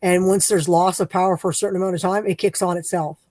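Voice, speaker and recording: A woman's voice: fairly low pitch, fairly even intonation, fast, warm tone, no echo. Chatty woman, dry close sound. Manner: rambling, chatty, playfully teasing. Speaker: livestream craft host. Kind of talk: casual chat while crafting.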